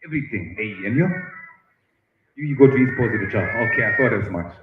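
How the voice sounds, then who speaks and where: A man hosting at a festival tent, chatting with and teasing visitors in a lively way. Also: mid-range voice, fast talker. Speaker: event host interviewing visitors. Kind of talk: roving live-stream banter. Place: busy outdoor festival tent. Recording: echoey, muffled stream audio with crowd noise.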